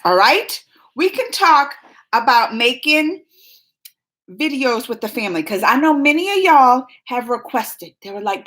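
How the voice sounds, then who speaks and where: A woman in her thirties hosting a casual livestream, chatting and rambling to viewers with lots of restarts and asides, her pitch jumping up when she gets excited. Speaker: livestream host. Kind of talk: casual live chat with viewers.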